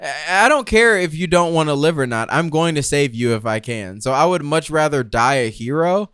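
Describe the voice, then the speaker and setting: A man co-hosting a podcast in a casual comedy debate, teasing and trash-talking in an animated way. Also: a little high, normal speed, clear, resonant tone, dry recording, clean studio sound. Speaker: podcast co-host.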